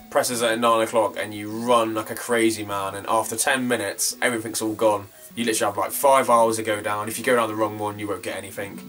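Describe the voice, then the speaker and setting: Young bloke, rambling casual vlogger, swears a lot; distant mic, soft guitar underneath. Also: male voice, mid-range voice. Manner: rambling, chatty, swears freely. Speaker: retro game collector. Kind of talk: casual vlog chat. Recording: distant from the mic, faint guitar music behind.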